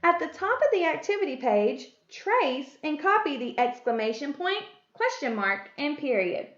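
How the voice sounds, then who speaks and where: In a slow, clear classroom lesson on grammar, a first grade teacher reads each example sentence to young children in a deliberate sing-song. Her high voice, a bit bright, rises and falls, while the lo-fi recording sounds dull and echoes off the room.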